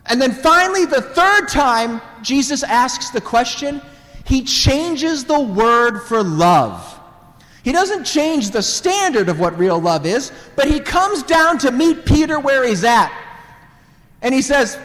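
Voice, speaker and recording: A man preaching a sermon in an animated way, acting out dialogue and putting questions to the audience. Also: sits high, moderate pace, big-room sound.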